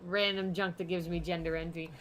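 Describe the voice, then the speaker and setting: A young woman hosting an art stream who talks casually while she draws, rambling and laughing often, sometimes dropping to quiet mumbles as she works. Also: on the low side, flat delivery, brisk, slight background noise. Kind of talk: casual chat while drawing.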